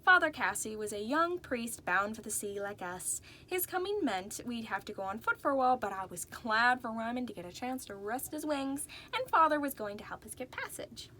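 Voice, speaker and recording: A woman's voice: fairly high pitch, big pitch swings, moderate pace, hardly any pauses, sharp tone, a little hiss or hum. A woman narrating a first-person storybook in a folksy, drawling way. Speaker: audiobook narrator.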